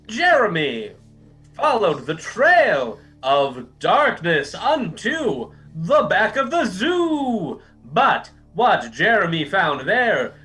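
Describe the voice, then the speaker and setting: A man doing a slow, theatrical show narrator. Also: high-pitched, pushed and bright, full character voice. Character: dramatic male carnival-show narrator.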